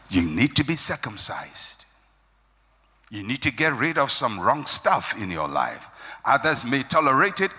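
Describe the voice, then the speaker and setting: A man's voice: medium pitch, pushed and bright, breathy edge. A man preaching a sermon with an emphatic, rising and falling cadence. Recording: long hall reverb.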